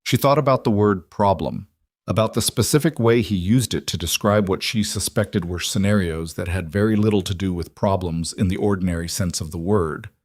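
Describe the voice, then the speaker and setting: A man narrating a story in a steady, deliberate audiobook reading. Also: deep voice, no echo, clean studio sound.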